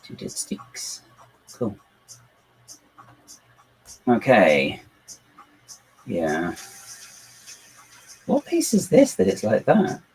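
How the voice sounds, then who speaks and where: A man's voice: fairly low pitch, huge pitch swings, very slow, pauses often, darkish tone, slightly rough, low-quality recording. A man hosting a casual livestream from home, rambling and poking fun at himself as he builds on his computer. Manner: rambling, self-deprecating, talks to himself and his dog. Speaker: channel host building models on a computer.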